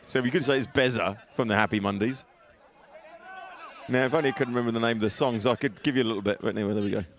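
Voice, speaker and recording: A man's voice: mid-range voice, rapid-fire. Jokey man calling a football match. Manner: jokey, chatty, laughs often, self-mocking. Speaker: football commentator. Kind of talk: live football commentary. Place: outdoor football stadium. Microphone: headset with earpiece.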